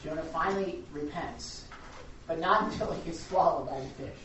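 A woman pastor preaching a sermon in a rambling, chatty way, with sudden loud emphasis. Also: sits low, moderate pace, background noise. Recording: echoey hall, distant dull mic.

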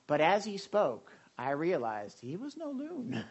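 A man's voice: a little high, very animated, normal speed, gravelly, bright, forceful tone. A male pastor preaching in a loose, conversational way, full of stories, fillers and restarts. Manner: rambling, anecdotal, many fillers and restarts. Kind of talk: conversational sermon.

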